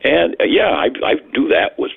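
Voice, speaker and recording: An older man talks in a husky, gravelly voice that sits very low yet swings widely in pitch. He rambles through his stories with plenty of fillers. The sound is thin and tinny, like a phone line. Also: very animated, moderate pace. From New England. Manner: rambling storyteller with many fillers. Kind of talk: casual chat.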